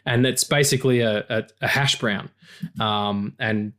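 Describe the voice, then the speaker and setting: A man's voice: lowish voice, measured pace. An Australian man hosting a podcast, in a casual, jokey, swearing chat. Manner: animated, swearing, jokey storytelling. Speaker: podcast host.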